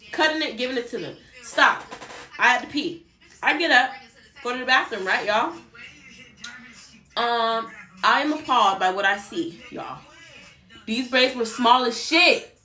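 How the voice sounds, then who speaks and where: A young woman telling a storytime on her vlog in a chatty, animated way, swearing and talking straight to her viewers. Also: a little high. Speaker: vlogger. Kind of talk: casual storytime chat. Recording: roomy echo, faint background music.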